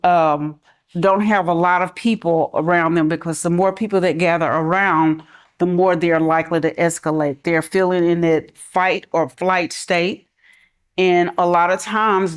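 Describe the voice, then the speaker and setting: A middle-aged woman who works in schools, speaking conversationally on a panel and softening her voice for examples. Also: fairly low pitch. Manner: conversational, relaxed, drops to a soft calm voice for examples. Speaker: school mental health professional. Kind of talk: panel talk.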